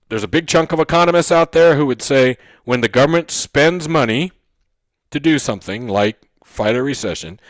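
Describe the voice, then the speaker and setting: A man teaching an economics lesson, who often checks in with "okay?" and "right?" and repeats key points slowly to stress them. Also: medium pitch, dry recording, studio quality. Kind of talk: recorded lecture.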